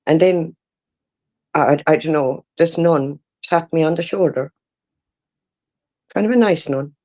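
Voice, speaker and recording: Her voice sits low and mellow as this Irish woman in her sixties shares a halting, emotional testimony during an interview, frequently stopping and restarting.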